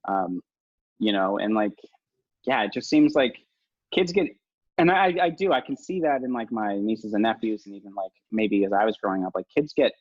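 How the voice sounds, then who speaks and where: A man's voice: fairly low pitch, expressive, normal speed, dry recording. A man who is a podcast guest and new father, talking in a rambling, self-mocking way with many restarts and laughs. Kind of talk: casual podcast conversation. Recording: dull, lo-fi dry audio.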